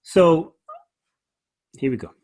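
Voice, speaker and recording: A man talking through the form of a poem in a relaxed conversation, hesitant and full of restarts, slowing right down whenever he reads lines aloud. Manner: hesitant, with many restarts, slows right down when reading verse aloud. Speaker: guest discussing poetry. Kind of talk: relaxed conversation, explaining verse.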